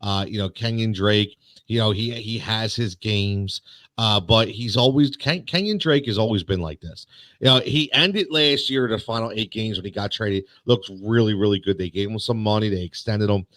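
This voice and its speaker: A man's voice: lowish voice, moderate pace, a bit bright, no echo, clean studio sound. A man co-hosting a casual sports podcast, rambling with lots of fillers and restarts. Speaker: podcast co-host.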